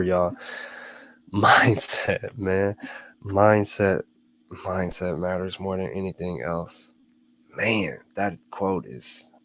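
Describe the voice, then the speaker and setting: A man hosting a motivational talk, speaking casually, repeating phrases for emphasis and calling his listeners y'all. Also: deep voice. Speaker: host.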